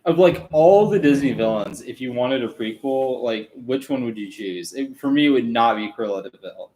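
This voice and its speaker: A young man co-hosting a relaxed film podcast. He talks in a blunt, wry way and is quick to dismiss things. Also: medium pitch, a little hiss or hum, rough recording. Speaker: podcast co-host. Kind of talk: casual film chat.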